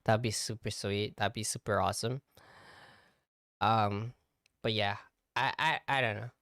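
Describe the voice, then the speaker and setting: A man's voice: fairly low pitch, fairly even intonation, unhurried, fairly bright tone, no room sound, clean studio sound. A young man hosting a casual solo podcast as a VTuber, rambling with lots of fillers.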